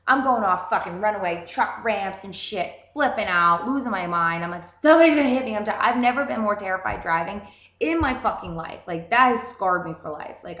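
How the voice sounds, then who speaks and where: Young woman, vlogger, casual storytelling, profane, animated, roomy echo. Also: medium pitch. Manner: profane, animated, swears constantly.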